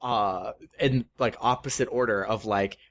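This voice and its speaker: A man's voice: fairly low pitch, steady tone, measured pace, a bit bright. A man co-hosting a podcast in casual chat, rambling with many fillers and acting out quotes. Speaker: podcast co-host.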